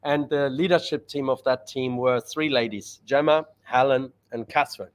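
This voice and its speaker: A man's voice: medium pitch, moderate pace. A man being interviewed as a guest on a podcast, speaking politely with many hesitations and repeated words. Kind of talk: casual chat.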